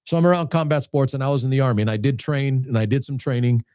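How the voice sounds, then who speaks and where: A man's voice: mid-range voice, fairly even intonation, fast, darkish tone, smooth, no room sound, studio quality. Rambling man in his fifties. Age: 50s. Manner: rambling, many restarts and repeated words. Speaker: channel host. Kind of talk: casual talk to camera.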